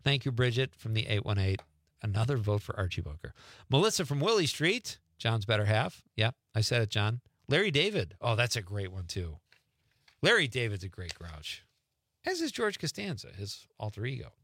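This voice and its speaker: A man's voice: lowish voice, sing-song, normal speed, a bit bright, dry recording, clean studio sound. A middle-aged man, hosting a radio talk show and chatting casually as he reads listener texts aloud. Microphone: studio microphone.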